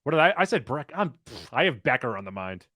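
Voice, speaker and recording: A man co-hosting a podcast in casual chat, briskly announcing entries of a countdown. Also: medium pitch, very animated, sharp tone. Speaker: podcast co-host.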